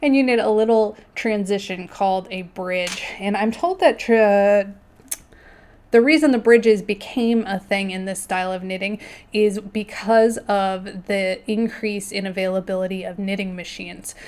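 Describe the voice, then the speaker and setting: A woman's voice: mid-range voice, steady tone, unhurried, darkish tone. A woman hosting her knitting video at home, chatting casually and laughing often as she shows her work. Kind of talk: casual chat. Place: indoors at home.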